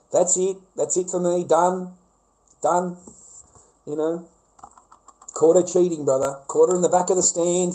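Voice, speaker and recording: An Australian man talks in a rambling, profanity-heavy rant, circling back to the same phrases again and again. His voice sits fairly high for a man but has a warm, mellow tone. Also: poor audio. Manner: profane, rambling, repeats himself. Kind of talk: casual rant to a live audience.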